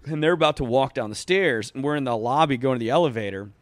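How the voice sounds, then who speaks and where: A man in his thirties telling a long story on a casual podcast, full of fillers, acting out quoted lines in a louder voice. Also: medium pitch, fast, no room sound. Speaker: podcast guest.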